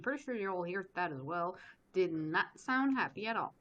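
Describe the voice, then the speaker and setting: A woman playing in a tabletop game, speaking in a brisk, playful, matter-of-fact way. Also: fairly low pitch, lively intonation, a bit bright, lo-fi sound. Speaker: player. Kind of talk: casual tabletop play.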